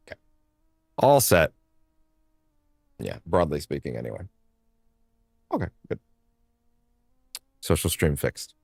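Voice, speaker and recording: A very low, gravelly man's voice, close and dry on a studio mic, with no room around it. He talks in a casual, rambling way, half to himself, with his pitch swinging widely as he tinkers with his stream setup and keeps correcting himself. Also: no echo. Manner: mutters to himself while fiddling with stream settings. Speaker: let's play streamer. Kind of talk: casual gameplay commentary. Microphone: studio microphone.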